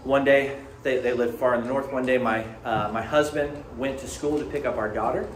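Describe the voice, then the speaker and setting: A man's voice: medium pitch, steady tone, a little fast. A man preaching a sermon as pastor, talking in a conversational, earnest storytelling way. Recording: echoey room, faint ambient noise.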